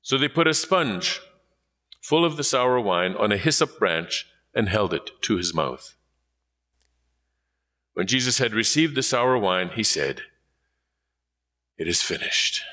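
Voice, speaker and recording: Solemn male scripture reader, lively delivery. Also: fairly low pitch, a little slow, long pauses. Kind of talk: scripture reading.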